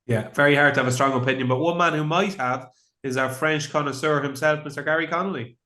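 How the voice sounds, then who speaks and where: A man hosting a racing podcast panel, jumping in with jokey questions and quick remarks. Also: fairly high pitch, fairly even intonation, bright, forceful tone. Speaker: podcast host. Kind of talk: hosting a casual panel chat. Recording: roomy echo.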